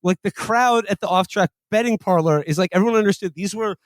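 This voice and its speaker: A man from New York City co-hosts a podcast in a fairly high voice, animated and casually profane. The sound is close and dry. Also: fast, no room sound. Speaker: podcast co-host.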